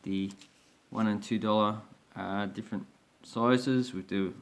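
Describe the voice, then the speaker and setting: Low-voiced man rambling about his collection. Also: fairly even intonation, measured pace. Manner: rambling, hesitant, many fillers and restarts. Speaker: coin collector vlogger. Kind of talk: casual show-and-tell commentary.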